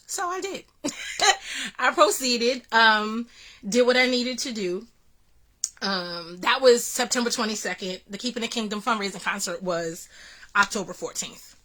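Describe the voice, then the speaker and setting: Woman vlogging her story, bright clear voice, lots of ums and restarts, earnest. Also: on the high side, unhurried. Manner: earnest, faith-filled retelling with frequent restarts and fillers. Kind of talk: personal storytelling vlog.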